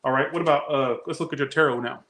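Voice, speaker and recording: A man's voice: a little high, fast, a bit bright. A man doing a casual tarot reading, chatty and rambling, slangy and often breaking off mid-thought. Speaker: tarot reader.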